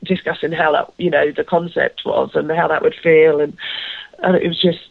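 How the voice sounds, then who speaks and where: A woman's voice: low-pitched, steady tone, normal speed, gravelly, dry recording. A woman chatting casually as a podcast co-host, rambling and self-deprecating, with lots of fillers and restarts. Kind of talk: casual chat recounting a convention. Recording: tinny phone-like line.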